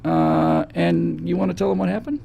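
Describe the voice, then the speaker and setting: A man hosting a casual chat, telling a travel story in an animated way that acts out the scenes. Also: on the high side, moderate pace, vocal fry, breathy edge. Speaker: host.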